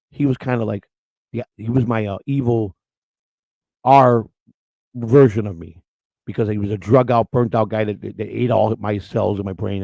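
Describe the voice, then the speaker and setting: A man co-hosting a morning show, telling stories in loud, outspoken casual chat. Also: medium pitch, creaky, dry recording. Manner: loud, outspoken, animated storyteller.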